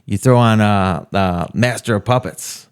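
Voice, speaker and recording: A man's voice: on the low side, measured pace, clean tone. A man co-hosting a podcast, talking in a laid-back, rambling way. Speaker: podcast co-host. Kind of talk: casual podcast chat.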